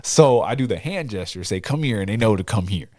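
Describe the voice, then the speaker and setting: A man hosting a casual podcast chat, telling animated stories with frequent laughs and casual swearing. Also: fairly low pitch, a little fast, no room sound. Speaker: podcast host.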